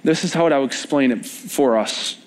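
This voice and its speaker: A young man preaching to a congregation in a relaxed, conversational way. His voice sits in a middle register, and he teases the crowd now and then. He climbs to lively, emphatic bursts when a point matters. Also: mid-range voice, fairly quick. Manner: informal, joking with the congregation, rising to animated emphasis. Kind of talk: conversational sermon. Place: church service.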